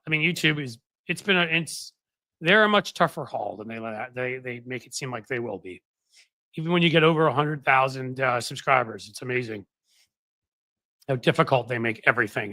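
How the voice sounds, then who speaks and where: A man's voice: medium pitch, brisk, sharp tone, no echo. A man hosting a casual political live stream, chatting to viewers in a rambling, easygoing way. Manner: rambling, chatty, many fillers and restarts. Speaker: political commentary host. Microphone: desk microphone.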